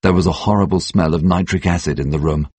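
A man narrating an audiobook in a measured, steady way. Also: low voice, slightly rough, no room sound.

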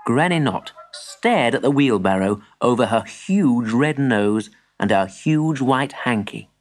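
Woman reading a kids story, low voice, really animated, faint music. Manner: unhurried, lively storytelling. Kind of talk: reading a children's story aloud.

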